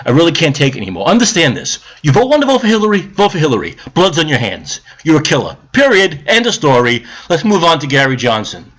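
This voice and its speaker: A man's voice: fairly high pitch, fast, hardly any pauses. A man giving a profane political rant to camera, lecturing and scolding the viewer, then settling into grumbling explanation. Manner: calmer, grumbling explanation later on. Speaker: political vlogger.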